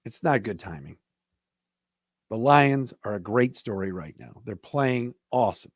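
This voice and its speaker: A man's voice: on the low side, lively intonation, measured pace, breathy edge, no room sound, studio quality. A man hosting a solo sports podcast, giving blunt, emphatic opinions in casual commentary. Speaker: podcast host.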